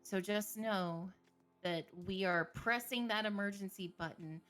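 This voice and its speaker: A woman's voice: mid-range voice, measured pace, fairly bright tone, faint music behind. A woman therapist, a streaming guest, talking candidly about mental health with frequent laughter and jokes. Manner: candid, joking, laughs often. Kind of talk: livestream conversation.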